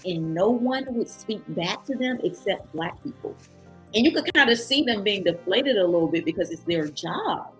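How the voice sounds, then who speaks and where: A travel vlogger with a medium-pitched voice speaks at a normal speed while soft music plays behind her. Recounting a travel story in a relaxed vlog, she stays animated and imitates the voices of people she quotes.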